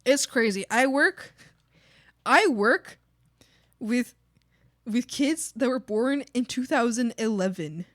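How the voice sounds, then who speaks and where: A woman's voice: on the high side, takes it slowly, pauses often, no room sound, studio quality. A woman in her thirties chatting casually and playfully while drawing on a stream, laughing often. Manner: giggly, playful, animated.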